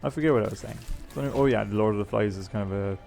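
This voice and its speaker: A man's voice: on the low side, fast, creaky, a little mellow, soft background music. A man chatting casually as he plays a video game, rambling and explaining the items. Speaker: gaming YouTuber. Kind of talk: casual let's-play commentary.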